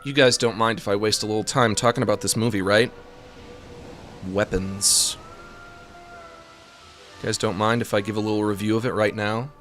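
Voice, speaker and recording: A man's voice: fairly low pitch, steady tone, normal speed, pauses often, a bit bright, soft background music. A man streaming a game, chatting casually and rambling with jokes and self-mocking asides. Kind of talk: casual chat on a live stream.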